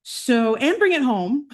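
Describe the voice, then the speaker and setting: A woman in her fifties, president-elect of a club, talking casually and warmly through family photos at a meeting, with frequent "um"s. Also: high-pitched, big pitch swings, slow pace. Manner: chatty and heartfelt, with fillers and laughs. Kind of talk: personal slideshow talk to a club meeting. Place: meeting room.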